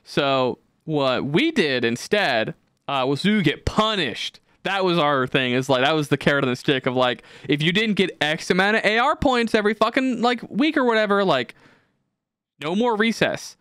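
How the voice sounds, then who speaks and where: A man's voice: a little high, normal speed, clean tone, no room sound. Ranting, profane young man, dry mic. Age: young adult. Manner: profane, ranting, animated storytelling. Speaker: podcast host. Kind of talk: casual podcast chat.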